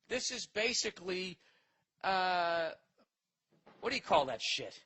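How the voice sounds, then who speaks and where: A man's voice: high-pitched, sing-song, takes it slowly, pauses often, bright, forceful tone, poor audio. A man hosting a comedy podcast, ranting profanely and rambling as he reacts to listener mail. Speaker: podcast host. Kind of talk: casual comedic podcast rant.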